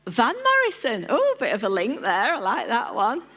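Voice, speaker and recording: A woman gives an informal sermon to her church congregation. She is chatty and playful and calls on people by name, and her voice sits fairly high. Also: huge pitch swings, moderate pace, a bit bright. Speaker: church lead team member, preacher. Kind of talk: informal sermon with audience interaction.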